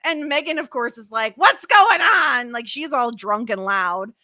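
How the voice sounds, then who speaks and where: Podcast co-host, woman, high bright voice, very animated, profane, dry close mic. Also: normal speed, no room sound. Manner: animated, laughs often, swears freely. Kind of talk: casual recap chat.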